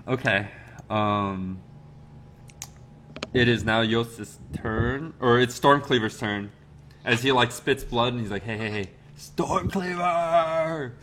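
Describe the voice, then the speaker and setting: A man's voice: medium pitch, fairly even intonation, slow pace, long pauses, a bit bright, slight background noise, rough recording. A man narrating as game master in a casual, rambling way, with the odd chuckle.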